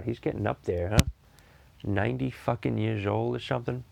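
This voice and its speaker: A man's voice: fairly low pitch, vocal fry, a little mellow. A man in his thirties hosting a podcast in casual chat, rambling with lots of restarts and free swearing. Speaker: podcast host.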